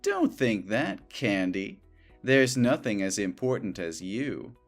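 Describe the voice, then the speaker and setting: A man's voice: lowish voice, wildly swooping pitch, takes it slowly, faint music behind, full character voice. An actor playing a possessive male coworker who talks in a sugary, overly familiar way. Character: clingy possessive male coworker, young adult. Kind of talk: scripted dialogue drama.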